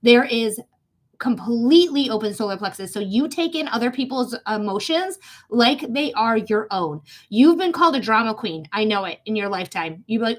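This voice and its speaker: Young woman doing a live psychic reading, high voice, casual, swears a lot. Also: animated, normal speed. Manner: casual, blunt and swearing, talks straight to the viewer. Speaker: psychic reader.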